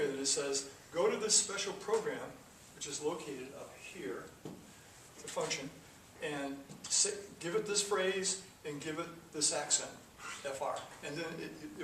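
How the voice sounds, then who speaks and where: A man's voice: a little high, moderate pace. A man teaching a programming class, explaining step by step with many fillers and restarts. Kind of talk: classroom lecture. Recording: echoey room from far off, noisy.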